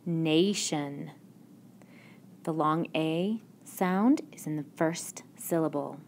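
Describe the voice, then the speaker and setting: A woman teaching a phonics lesson, speaking very slowly and patiently with a somewhat low voice. She praises and guides as if talking to young pupils. A faint background hiss sits under her voice. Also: darkish tone. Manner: slow, patient, encouraging classroom delivery. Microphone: tablet microphone.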